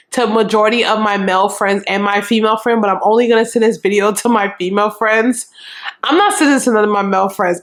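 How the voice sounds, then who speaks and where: A young adult woman vlogger telling a storytime in a frank, animated and profane way, acting out what people said. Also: medium pitch. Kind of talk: casual storytime.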